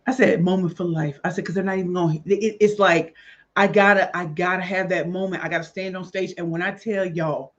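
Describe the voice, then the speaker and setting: A woman hosting a casual livestream, greeting viewers by name in a lively, slangy way and sounding a little tired. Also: fairly low pitch, a little fast, lo-fi sound. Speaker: livestream host.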